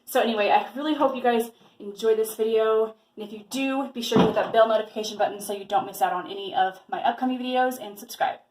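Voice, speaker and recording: A woman's voice: on the high side, fast, few pauses, heavy background noise. Chatty young woman vlogger, echoey room. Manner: chatty, rambling with fillers. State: slightly out of breath. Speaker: lifestyle vlogger. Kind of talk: casual vlog chat. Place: home.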